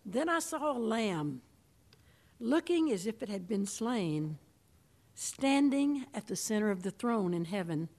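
Woman preacher, mid-pitched, slow and weighty sermon delivery, hushed to ringing. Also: big pitch swings. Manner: dramatic, swinging between hushed and ringing. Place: room with a congregation.

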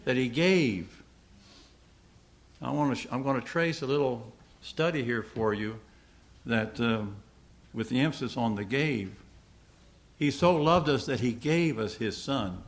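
A man's voice: medium pitch, unhurried. A man preaching a sermon to a congregation, earnest, asking the listeners questions and repeating key lines.

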